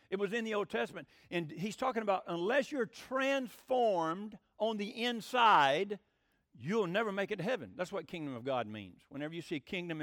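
A man's voice: a little high, fairly bright tone, no echo, clean studio sound. A middle-aged man, a pastor teaching a Bible lesson in an emphatic sermon style and asking the congregation questions.

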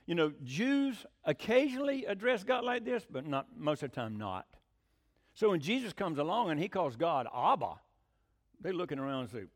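A lively man preaches in a folksy, conversational way. His voice sits high and leaps around a great deal in pitch as he talks. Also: fairly quick, vocal fry. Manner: animated, folksy, with swooping pitch. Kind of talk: sermon teaching.

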